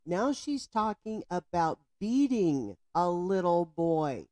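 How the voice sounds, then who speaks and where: A woman's voice: on the low side, expressive, slow pace, hardly any pauses, warm tone, no room sound. A woman giving indignant, emphatic commentary on a news story, speaking straight to the viewer. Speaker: political commentator.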